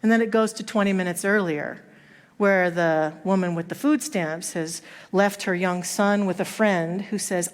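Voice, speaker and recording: With church hall reverb around her, a woman preaches from the sanctuary at normal speed in a lowish voice. Her sermon is built on storytelling, and she voices the people she quotes.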